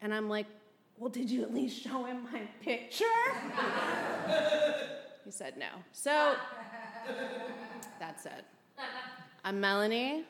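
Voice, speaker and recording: A woman telling an animated stand-up anecdote on stage, packed with fillers and quoted asides. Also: on the high side, slow, pauses often, roomy sound, a crowd in the background. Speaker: stand-up comedian. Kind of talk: stand-up storytelling.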